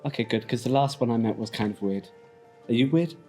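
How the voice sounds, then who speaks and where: Curious, cheeky young fairy, played by a man; eager and playful, mid-pitched. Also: fairly quick, a little mellow, faint music behind, close to an everyday voice. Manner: eager, playful in-character chat.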